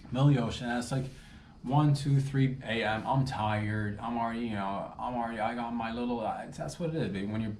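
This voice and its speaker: A man's voice: medium pitch, a little fast, darkish tone, slight background noise. A man riffing through a rambling, self-interrupting comic monologue in a playful tone. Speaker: comedian. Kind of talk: improvised comedic monologue. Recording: roomy echo with faint ambience.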